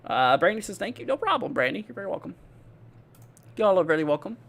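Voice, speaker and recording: A man's voice: sits high, very animated, quick pace, creaky, fairly bright tone. A man hosting a live weather stream, chatting casually with lots of fillers and answering viewers by name. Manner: rambling, filler-heavy, reads viewer comments aloud; friendly, laid-back.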